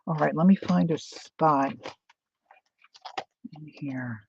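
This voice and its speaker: A woman's voice: low voice, takes it slowly, gravelly, muffled recording, background noise. A woman hosting a live crafting stream, chatting casually and thinking aloud while she works, with playful sound-words. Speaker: crafting livestream host.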